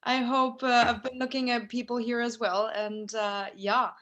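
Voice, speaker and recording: A woman's voice: on the high side, little pitch movement, normal speed. A woman moderating a question round on a video call, sounding moved. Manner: warm, moved. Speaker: event host.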